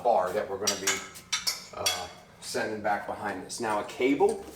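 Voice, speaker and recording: A man's voice: fairly low pitch, a little hiss or hum. Man coaching arm curls in an echoey gym. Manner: coaching while lifting, counting reps. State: out of breath. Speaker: fitness trainer. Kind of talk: workout instruction. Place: home gym. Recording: roomy echo, music behind.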